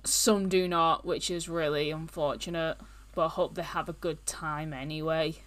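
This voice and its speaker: A woman's voice: low-pitched, steady tone, normal speed. A woman co-hosting a podcast, chatting casually and rambling from one point to the next. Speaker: podcast co-host. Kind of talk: casual chat.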